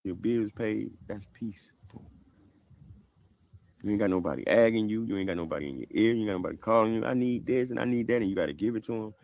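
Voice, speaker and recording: A man's voice: lowish voice, fast, vocal fry, a little mellow, no room sound. A man talking casually to his viewers, repeating himself in a preachy, drawling way. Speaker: person in a reacted-to livestream clip.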